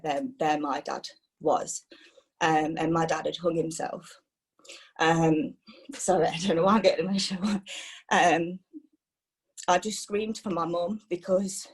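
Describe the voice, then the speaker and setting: A young woman gives a personal testimony, talking in a halting way with many pauses and restarts. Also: lowish voice. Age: young adult. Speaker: person sharing a personal story.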